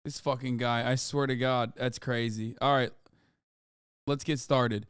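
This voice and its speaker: A man's voice: mid-range voice, fairly even intonation, a little slow, clear, resonant tone, dry recording. A man hosting a casual reaction stream, blunt and sweary, on a close streaming mic. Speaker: streamer host.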